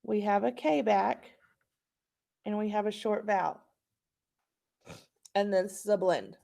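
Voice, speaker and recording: A woman's voice: mid-range voice, a little slow, creaky, mellow. A woman teacher leading a patient, encouraging phonics lesson for young children.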